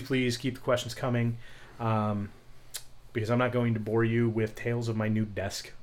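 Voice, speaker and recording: A young man co-hosting a podcast in casual chat, rambling loosely with frequent fillers and casual swearing. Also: mid-range voice. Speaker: podcast co-host.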